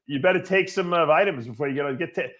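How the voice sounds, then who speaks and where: A man's voice: a little high, fast talker, muffled recording, over a noisy crowd. A man hosting a show in casual chat with a guest, joking and laughing often. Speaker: show host.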